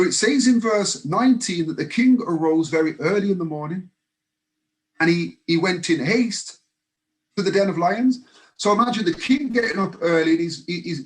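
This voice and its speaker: A man with a high-pitched voice teaches a Bible study in an earnest way. He often repeats and restarts his words as he explains. His tone stays that of a study teacher.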